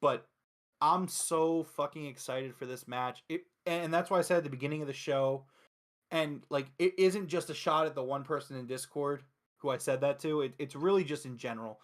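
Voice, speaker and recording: A man from Philadelphia hosting a casual wrestling review show, talking excitedly and emphatically with frequent swearing. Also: fairly high pitch, normal speed. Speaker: host.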